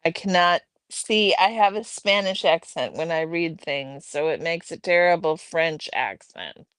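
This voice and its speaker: A woman hosting a casual livestream at home, chatting and reading out viewers' messages in a relaxed way. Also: fairly low pitch, unhurried, clear, resonant tone, dry recording. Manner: relaxed, reads chat aloud, chatty asides. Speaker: livestream host. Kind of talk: casual chat with live chat.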